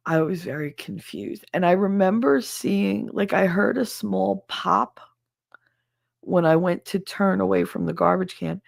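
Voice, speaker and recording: A woman's voice: sits low, creaky, darkish tone, dry recording. A middle-aged woman hosting a podcast, telling a personal story in a rambling way, full of "like" and "he said". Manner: rambling, heavy use of "like" and "he said". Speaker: podcast host. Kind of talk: casual storytelling.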